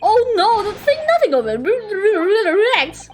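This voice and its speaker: A woman voicing an excitable, eccentric Japanese novelist man who gushes in a sing-song, slangy way. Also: extremely high pitch, moderate pace, soft background music, voice pushed up. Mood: effusive.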